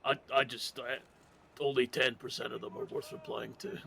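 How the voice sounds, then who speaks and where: A man roleplaying a gruff outlaw in a game, talking crudely with dry humor. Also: medium pitch, level tone, normal speed, sharp tone, slight background noise. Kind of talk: in-character roleplay chat.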